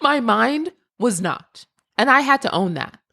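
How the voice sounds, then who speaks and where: A woman's voice: fairly high pitch, lively intonation, unhurried, gravelly, bright, forceful tone. A woman hosting a podcast, giving an emphatic motivational monologue that repeats key phrases and speaks straight to the listener. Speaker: podcast host and creativity mentor.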